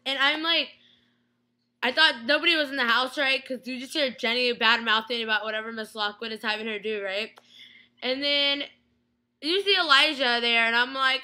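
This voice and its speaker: A young woman ranting excitedly about a TV episode in a casual vlog, gushing and stumbling over her words with lots of "like". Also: sits high, moderate pace. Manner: gushing, breathless, lots of "like" and restarts. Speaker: vlogger reviewing a TV episode.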